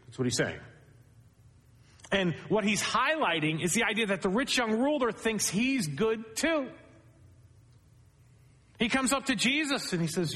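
A man delivers an expository sermon with a notably high voice. His voice rises sharply when he hammers home a point and drops low for asides. The sound carries a long reverb, like a large church hall. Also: expressive, unhurried, pushed and bright. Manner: expository preaching, rising pitch for emphasis. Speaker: pastor.

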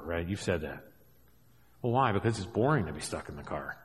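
A middle-aged man preaching a sermon as a pastor, animated, with joking asides, swinging between hushed and raised delivery. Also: deep voice, fairly quick. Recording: long hall reverb.

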